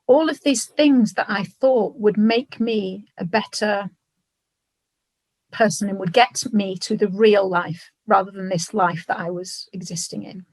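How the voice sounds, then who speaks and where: A woman, a podcast guest, talking reflectively about her past with halting, emotional pauses. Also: mid-range voice, a little mellow, no echo. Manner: reflective, halting, tearful at times. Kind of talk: emotional personal conversation.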